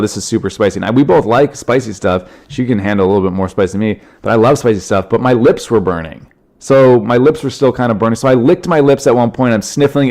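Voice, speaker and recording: A man with a cold, sniffling as he tells rambling, animated stories on his solo podcast. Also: fairly low pitch. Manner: animated, rambling, frequent fillers. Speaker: podcast host, comedian. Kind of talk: casual solo podcast storytelling.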